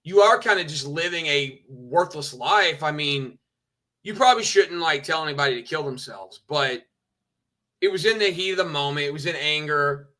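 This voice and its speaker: A man's voice: fairly high pitch, lively intonation, moderate pace, pushed and bright. A man streaming, ranting with petty indignation, swearing and mocking others. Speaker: streamer reacting to clips. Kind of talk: ranting commentary.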